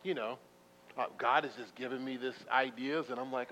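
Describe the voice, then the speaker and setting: A man preaching a sermon in a church, telling stories in a conversational, self-deprecating way with sudden loud bursts. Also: medium pitch, steady tone, moderate pace, a little hiss or hum. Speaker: pastor. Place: church sanctuary. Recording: muffled reverberant hall recording.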